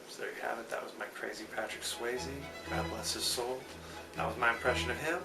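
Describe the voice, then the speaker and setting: Gravelly, wry male podcast host. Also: mid-range voice, a little fast. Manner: dry, wry asides with a repeated catchphrase. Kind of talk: solo movie review monologue. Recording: echoey room, distant mic, faint hiss.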